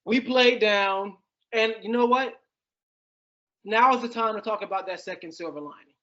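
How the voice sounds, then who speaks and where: A man's voice: sits high, normal speed, a bit bright, muffled recording. A man co-hosting a casual sports podcast, emphatic and talking over his partner. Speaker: podcast co-host.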